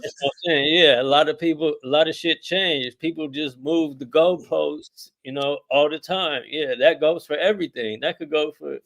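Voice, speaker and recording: Laid-back middle-aged rapper, rambling. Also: male voice, on the high side, steady tone, normal speed, hardly any pauses, a bit bright. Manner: laid-back, rambling, heavy on filler words and slang. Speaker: rapper guest. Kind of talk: casual podcast interview.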